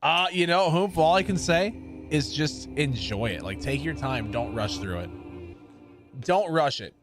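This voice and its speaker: Sassy, animated man in his thirties. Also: on the high side, unhurried, soft background music. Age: 30s. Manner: sassy, sarcastic banter. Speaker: livestream gamer. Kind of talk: casual stream chat with viewers.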